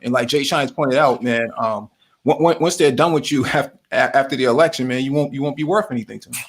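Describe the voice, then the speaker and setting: A man hosts a political talk show in an even, mid-pitched voice. He talks calmly and often chimes in with short agreements as his guest speaks. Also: fast talker. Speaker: host.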